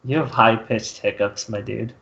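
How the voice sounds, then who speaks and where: A man's voice: on the low side, steady tone, normal speed, creaky, fairly bright tone, dull audio. A man chatting and teasing between laughs in a tabletop role-play session over voice chat. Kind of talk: casual joking chat over voice chat.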